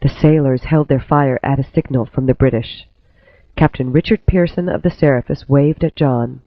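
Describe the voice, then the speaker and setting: A man reading a history story aloud in steady, clear scripted narration. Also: medium pitch, normal speed, dry recording. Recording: tinny phone-like dry recording.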